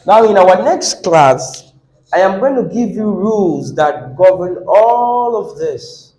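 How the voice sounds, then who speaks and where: A Nigerian man teaching an English class, quizzing students and repeating words slowly. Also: high-pitched, animated, a little mellow. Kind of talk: classroom lesson. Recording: echoey classroom.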